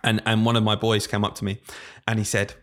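A man's voice: on the low side, a little fast. A man in his late twenties, a primary school teacher, chatting casually on a podcast and acting out his pupils. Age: late 20s. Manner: animated storyteller, acts out pupils' voices.

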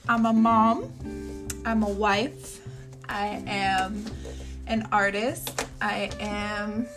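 A woman's voice: mid-range voice, steady tone, very slow, pauses often, music in the background. A woman in her thirties hosting a casual podcast from her bedroom, talking in a chatty, candid way and swearing freely. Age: 30s. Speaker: podcast host. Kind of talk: casual chat.

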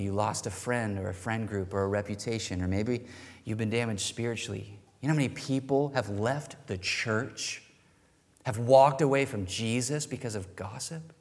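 A man preaching a sermon as pastor, emphatic and animated, with rising bursts of energy. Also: on the low side, moderate pace, creaky. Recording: long reverb in a large hall.

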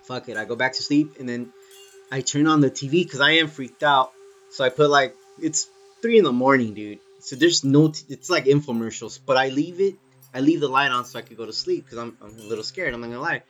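Animated, swearing man telling a story. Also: mid-range voice, a little fast. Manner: swears a lot, animated, says "dude" often. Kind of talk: casual storytelling.

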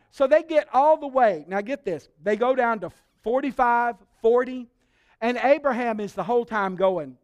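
A man preaching a sermon as pastor, telling stories in an animated way and acting out the voices he quotes. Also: extremely high pitch, normal speed, smooth, muffled recording.

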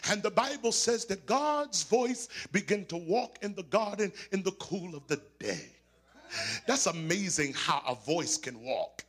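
A man preaching a sermon, rising into shouts and sing-song cadence, with a raspy voice. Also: sits high, big pitch swings, a little slow. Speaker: pastor.

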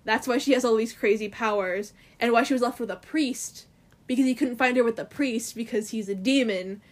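Chatty woman, somewhat high voice. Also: fairly quick. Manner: chatty, filler-heavy, full of "like" and "um". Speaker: co-host retelling a comic. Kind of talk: casual chat recap.

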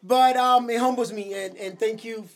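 A man hosting a casual podcast, halting and stumbling over his words with a nervous laugh. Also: very high-pitched, steady tone, creaky. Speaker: podcast host.

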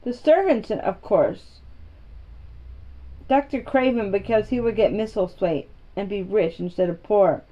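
A woman's voice: medium pitch, unhurried, dull audio, close to an everyday voice. A woman voicing an imperious, sickly young boy who gives orders and asks demanding questions, in a storybook reading. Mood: eager.

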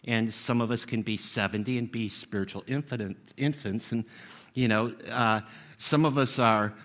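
A man's voice: mid-range voice, steady tone, normal speed, fairly bright tone. Older male pastor, sixties, casual storytelling sermon, self-deprecating, chatty with fillers. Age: 60s. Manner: conversational, self-deprecating, with many fillers and restarts.

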